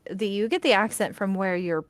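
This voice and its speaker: A woman's voice: mid-range voice, normal speed, a crowd in the background. A young woman telling stories in a casual chat, laughing often as she talks. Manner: chatty storyteller, laughs often.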